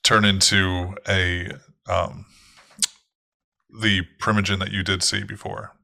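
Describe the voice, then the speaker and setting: A man's voice: low voice, little pitch movement, slow pace, creaky, bright, forceful tone. A man narrating as game master of a tabletop game, in loose, rambling storytelling with fillers.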